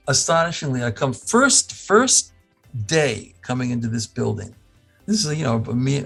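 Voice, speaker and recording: A man with a gravelly, husky voice tells a lively story in conversation. He acts out the people in it and often circles back to restart a phrase. Faint music plays underneath. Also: medium pitch. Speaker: medical school professor and institute founder. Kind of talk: animated storytelling talk.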